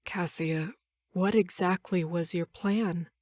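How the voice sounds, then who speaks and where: Woman narrator doing a gentle teen boy in a storybook reading, soft-spoken and unhurried. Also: on the low side, fairly even intonation, no echo, studio quality. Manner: soft, concerned questions. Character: gentle teenage boy, caring and calm.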